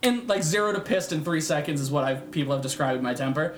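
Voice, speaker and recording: A young man, co-hosting a casual podcast and telling a profane, animated story that acts out the other voices. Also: a little high, quick pace, a little hiss or hum. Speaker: podcast co-host. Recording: echoey room.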